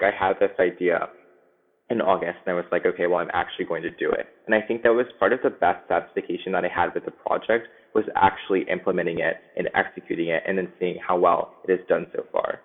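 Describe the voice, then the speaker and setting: A man's voice: low voice, flat delivery, brisk, creaky. A man, a guest on a podcast, giving earnest advice in casual chat. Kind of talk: casual interview. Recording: tinny phone-like line.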